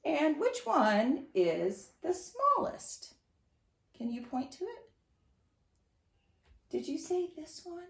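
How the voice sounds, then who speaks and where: A woman leads a storytime lesson for young children from her home. She speaks slowly in a bright, sing-song voice with a gravelly edge, pausing to ask her listeners questions. Her voice echoes around the room. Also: high-pitched, big pitch swings. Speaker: teacher reading to children.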